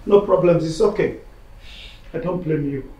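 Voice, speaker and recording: A man's voice: fairly high pitch, normal speed, mellow, roomy sound, distant mic, muffled recording, a little hiss or hum, natural voice. An actor playing a touchy, self-pitying widowed older father with a Nigerian accent, who repeats himself indignantly. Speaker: father-in-law. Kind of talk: film drama acting.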